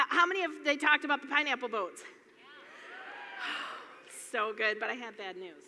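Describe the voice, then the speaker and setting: A woman from Michigan with a high, bright voice tells loose, giggly stories from a stage, always drifting back with "anyway." Her voice rings in a large hall with long reverb. Faint noise sits under the recording. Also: creaky. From Michigan, USA. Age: middle-aged. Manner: rambling, chatty, laughs often, keeps saying "anyway". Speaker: speaker at a business event. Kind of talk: casual storytelling talk to a live audience. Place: large hall before an audience.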